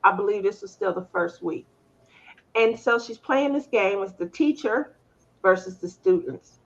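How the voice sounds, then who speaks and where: A middle-aged woman hosting a casual chat, telling animated stories and laughing often. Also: mid-range voice, unhurried, highs cut off. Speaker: host.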